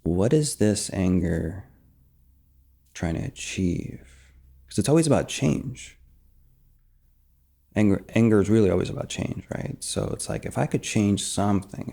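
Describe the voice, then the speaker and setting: A man teaching emotional release in a calm, soft way, dropping into whispers as he acts out examples. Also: fairly low pitch, measured pace, vocal fry, pauses often. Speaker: meditation teacher. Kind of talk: calm spoken guidance.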